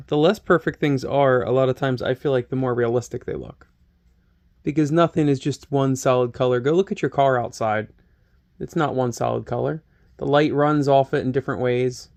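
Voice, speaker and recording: At a normal speed and medium pitch, with a darkish tone, a hobby painting host talks through a laid-back tutorial. The camera mic sits close to his face as he chats, jokes at his own expense, and thinks aloud while working.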